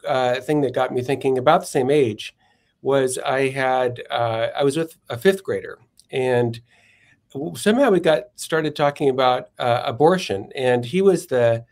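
A man's voice: medium pitch, a little mellow. A male philosopher and author, a guest on a podcast, telling stories thoughtfully and sometimes searching for words. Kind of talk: podcast interview, storytelling.

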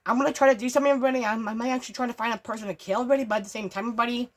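A woman with a somewhat high-set voice runs her gaming channel in loose, unscripted chatter. She stumbles and repeats herself constantly and swears freely, with an excitable, easily riled energy. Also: very fast. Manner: stammering, repetitive, profane, excitable. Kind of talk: casual gameplay commentary.

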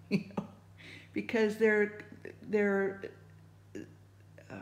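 A woman's voice: medium pitch, expressive, slow pace. A woman sharing her faith thoughts in casual, rambling talk, full of fillers and restarts. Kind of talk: casual spoken reflection. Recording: echoey room.

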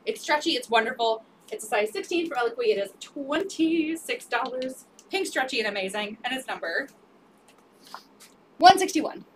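A woman's voice: sits high, expressive, moderate pace, far from the mic, a little hiss or hum. A woman selling secondhand clothes on a live stream, upbeat and repeating sizes, prices and item numbers. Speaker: resale live-stream seller. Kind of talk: live sales pitch.

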